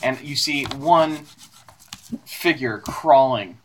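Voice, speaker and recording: A man's voice: medium pitch, takes it slowly, a little hiss or hum. A man narrating as game master of a tabletop game, playful and laughing as he describes scenes.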